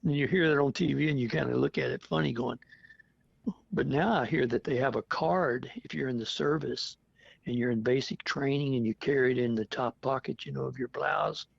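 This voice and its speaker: A man's voice: mid-range voice, brisk, no room sound. A man in his seventies, a veteran telling stories in an oral history interview, chatty and often laughing as he acts out what people said. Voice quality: gravelly, husky. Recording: dull lo-fi dry recording.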